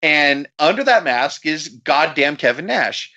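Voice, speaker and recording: Animated, profane male podcast host. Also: on the high side, a little slow, highs cut off. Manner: profane, laughing, animated retelling. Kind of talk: casual storytelling chat.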